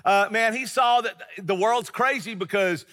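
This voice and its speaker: In a church hall with long reverb, a middle-aged male pastor delivers a sermon in a high, bright voice. His style is conversational, full of fillers and quick restarts.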